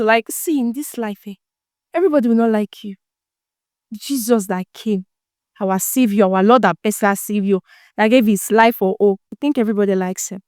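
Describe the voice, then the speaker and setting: A woman's voice: a little high, dry recording, clean studio sound. A woman hosting a motivational self-help talk, preachy and teasing, full of rhetorical questions. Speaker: self-help podcast host.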